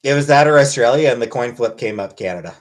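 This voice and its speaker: A man chatting on a casual livestream, answering viewers' questions one by one. His delivery is dry and deadpan, but his pitch moves around a lot. He sounds offhand and wry. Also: fast talker. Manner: deadpan, wry, reads chat aloud. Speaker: livestream host.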